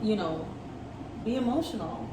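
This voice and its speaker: A woman's voice: medium pitch, lively intonation, moderate pace. A young adult woman co-hosting a podcast, chatty and candid in casual talk. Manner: chatty, candid, laughs easily. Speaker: podcast co-host. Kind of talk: casual chat. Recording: roomy, distant mic, some noise.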